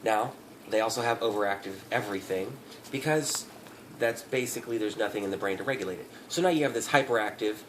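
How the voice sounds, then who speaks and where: A man's voice: fairly low pitch, quick pace, fairly bright tone, slight background noise. A man giving a profane, rambling comedic rant, often breaking into laughter. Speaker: vlogger.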